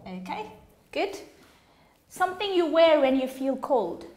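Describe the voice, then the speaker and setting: A woman leads an English class in a high, very animated voice that swoops up and down, with a slightly mellow quality. Slow and patient, she repeats words and asks the students questions, while the room echoes and faint noise sits in the background.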